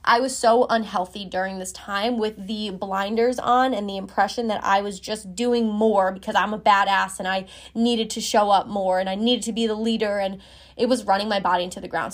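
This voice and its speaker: A woman in her twenties frankly telling a personal story as a podcast host, casual and swearing freely. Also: medium pitch.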